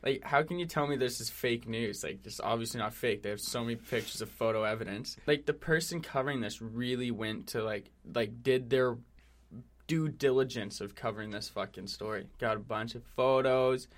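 Animated swearing male podcast co-host. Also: medium pitch, normal speed. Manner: animated, swears a lot, mock outrage. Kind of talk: casual podcast chat.

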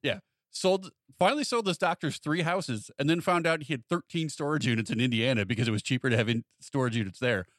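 A man chats on a podcast, rattling through a long anecdote at a quick clip. He slips in and out of the voices of the people he quotes. The sound is close and dry, with no room around it. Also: medium pitch, dry recording. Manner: animated storyteller acting out quoted voices. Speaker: podcast co-host. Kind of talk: casual chat.

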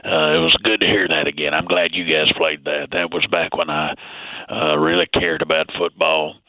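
A man's voice: very deep voice, fairly even intonation, normal speed, dry recording. A man doing a comic impression of a rambling, aging football team owner, stumbling over filler words on a phone line. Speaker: impressionist on a radio show. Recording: muffled phone-line call.

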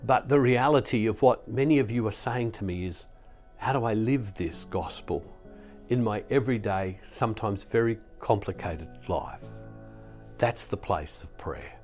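A man's voice: lowish voice, moderate pace, a little mellow, faint music behind. A man giving an earnest, reflective spiritual talk to believers, often restarting his sentences. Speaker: Catholic speaker and preacher. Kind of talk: sermon-style spiritual talk.

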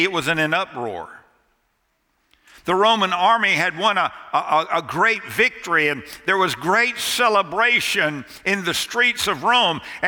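A male pastor preaches in a church sanctuary, his high, very bright and forceful voice trailing off into a long hall reverb. He delivers the sermon slowly and deliberately, pausing dramatically and dropping nearly to a hush for emphasis. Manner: dramatic storyteller with pauses and emphatic drops to near quiet. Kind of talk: sermon storytelling.

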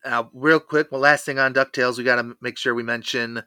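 A man co-hosting a podcast in casual chat, steady and informative, moving the talk from one topic to the next. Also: medium pitch, fairly quick, clear, resonant tone, dry recording. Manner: steady, informative, guides the segments. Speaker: podcast co-host.

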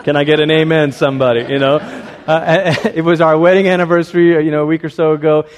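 A man's voice: on the high side, flat delivery, fairly quick, in a large hall. A man in his thirties preaching a sermon as a pastor, conversational and self-deprecating, telling stories about his family.

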